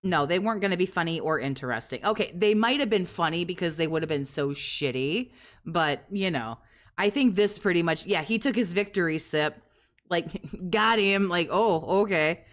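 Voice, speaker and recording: A woman's voice: on the low side, lively intonation, moderate pace. A woman hosting a reaction commentary, mocking and sarcastic, swearing freely. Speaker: commentary host.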